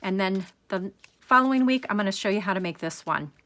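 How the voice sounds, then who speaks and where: A middle-aged woman walks viewers through a card-making project in a chatty, enthusiastic way. Her voice sits at a middle pitch, and she explains each step as she goes. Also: expressive, fairly quick, a bit bright. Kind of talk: crafting tutorial.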